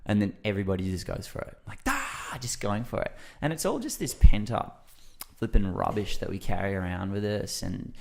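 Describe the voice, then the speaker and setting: A man with a low voice talks in a relaxed, conversational way as a podcast guest, with a gravelly edge to his voice. He rambles a little and fills pauses often. He acts out his own reactions while he tells a story. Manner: loose and rambling with many fillers.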